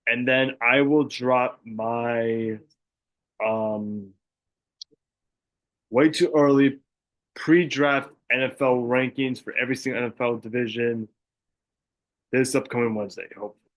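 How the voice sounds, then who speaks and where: A man's voice: mid-range voice, fairly even intonation, a little slow, long pauses, a bit bright. Chatty young man on a sports podcast. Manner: chatty, many fillers and self-corrections. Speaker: podcast host. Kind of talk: casual sports podcast monologue.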